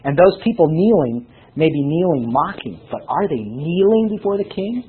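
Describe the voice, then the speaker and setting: A man preaching with a very raspy, husky voice that swings widely in pitch, sitting slightly high for a man. He teaches from scripture and keeps tossing rhetorical questions at his listeners. The sound is thin and tinny, like a phone line. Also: moderate pace. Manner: animated, rhetorical questions to the congregation. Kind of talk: sermon Bible teaching.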